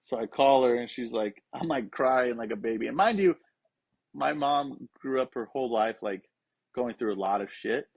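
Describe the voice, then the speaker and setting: A man's voice: medium pitch, normal speed, vocal fry, breathy edge, dry recording. A young adult man, a podcast guest, telling a personal story in casual, profane talk and acting out the voices of the people in it. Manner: swears freely, acts out quoted voices. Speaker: podcast guest, skateboarding coach. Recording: dull, lo-fi sound.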